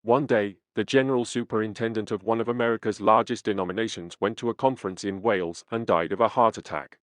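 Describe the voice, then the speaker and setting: Low-pitched male narrator, dry studio read, steady and earnest first-person memoir delivery. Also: no room sound. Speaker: audiobook reader.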